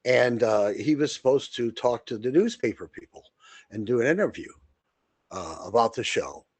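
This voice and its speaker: A man's voice: mid-range voice, very animated, normal speed, slightly rough, no room sound. Blunt, rambling male podcast host. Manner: rambling, blunt, with frequent restarts and fillers. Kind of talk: casual monologue.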